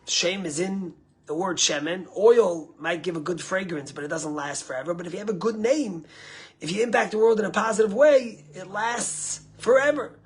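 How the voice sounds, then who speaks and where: Man, rabbi, sermon, storytelling, very husky breathy voice, fades to near-whispers. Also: high voice, normal speed. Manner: rises with emphasis, trails off to near-whispers at phrase ends.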